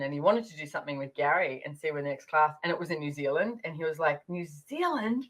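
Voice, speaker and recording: A woman hosts a relaxed podcast conversation, her voice sitting low. She rambles through stories in a chatty way, full of little fillers and asides. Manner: chatty, storytelling, many fillers. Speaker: podcast host.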